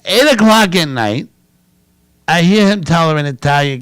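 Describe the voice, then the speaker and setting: Animated New man telling stories. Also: fairly high pitch, a little slow, clean tone, dry recording. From New York City. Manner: animated, loud storyteller. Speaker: co-host. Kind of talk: casual chat, storytelling.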